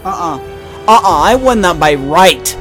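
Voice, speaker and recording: A young man reacting loudly to his own gameplay, swearing and venting in frustrated outbursts. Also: high voice, animated, measured pace. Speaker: gaming video creator. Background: loud game music.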